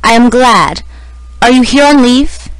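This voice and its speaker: A woman voicing an elderly prince who is cold, self-important and speaks with severe, monotonous indifference. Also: fairly high pitch, measured pace, smooth, no echo, lightly acted, poor audio. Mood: indifferent.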